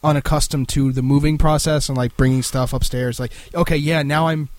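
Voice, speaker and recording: A man co-hosts a podcast in a casual chat, often cutting in with asides. His voice sits above the usual male pitch. The sound is dry and close. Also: fairly even intonation, brisk, darkish tone, dry recording. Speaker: podcast co-host.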